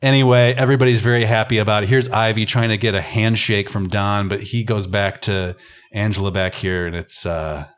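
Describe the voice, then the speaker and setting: A man's voice: fairly low pitch, fairly even intonation, brisk, clear, resonant tone. A man hosting a film podcast, giving casual, wry and rambling commentary. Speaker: podcast host.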